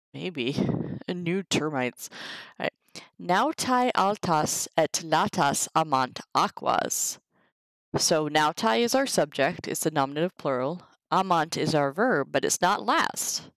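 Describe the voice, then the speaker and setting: Low-voiced woman studying Latin on stream. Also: vocal fry, no echo, poor audio. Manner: reads Latin aloud slowly, chatty asides. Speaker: streamer teaching herself Latin. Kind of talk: casual live-stream study session.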